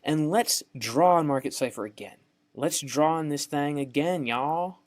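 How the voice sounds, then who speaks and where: A man's voice: on the high side, moderate pace. A young man with a Southern US accent, teaching a trading course over a screen share, folksy and repetitive, often checking in with "right?". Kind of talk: screen-share tutorial narration.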